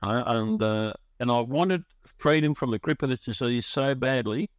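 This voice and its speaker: Middle-aged man, emotional and rambling storyteller, average pitch, dry close recording. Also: moderate pace, smooth, dry recording. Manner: rambling, emotional, frequent restarts. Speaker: guest sharing his recovery story. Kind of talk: personal storytelling.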